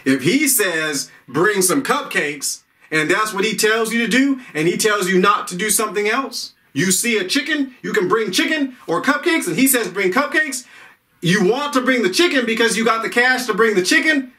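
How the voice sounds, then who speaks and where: A man's voice: sits high, sharp tone, far from the mic. A man preaching an informal sermon, rambling, repeating himself and restarting his sentences.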